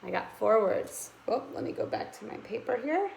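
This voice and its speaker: A woman teaching a kindergarten writing lesson, sounding out letters slowly and encouraging young children. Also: fairly high pitch, big pitch swings, gravelly, a little mellow, roomy sound, a little hiss or hum.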